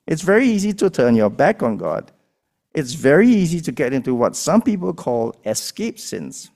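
A man delivers a sermon in a mid-pitched voice that swings widely in pitch. His preaching is emphatic, building up and then dropping low for effect. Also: darkish tone. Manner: emphatic preaching with rising and falling dynamics. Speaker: pastor.

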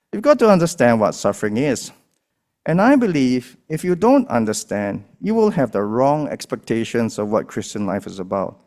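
A man delivers a sermon in a mid-pitched voice that swings widely in pitch. His preaching is emphatic, building up and then dropping low for effect. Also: a little mellow. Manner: emphatic preaching with rising and falling dynamics. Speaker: pastor.

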